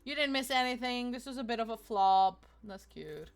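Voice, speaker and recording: A woman's voice: fairly high pitch, lively intonation, normal speed, smooth. A woman streaming a video game, chatting casually and swearing often. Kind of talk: casual gaming stream chat.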